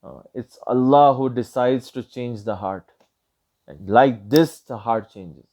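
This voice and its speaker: A man's voice: medium pitch, takes it slowly, dark tone. A man giving a Friday sermon in a mosque, impassioned, and he raises his voice sharply when he acts out quotes. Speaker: Friday preacher. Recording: dull lo-fi recording.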